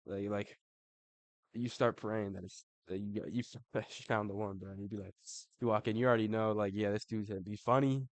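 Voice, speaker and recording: A man's voice: on the low side, no echo. A young adult man giving casual ranking commentary, slangy and profane, saying "bro" after nearly every line. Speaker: MMA commentator.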